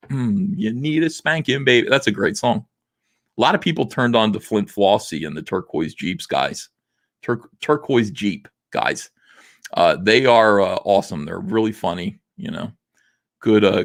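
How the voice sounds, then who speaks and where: A man with a gravelly, lowish voice hosts a casual livestream, reading viewer comments out loud and answering them with frequent "uh" fillers. The recording is clean studio sound with no room echo.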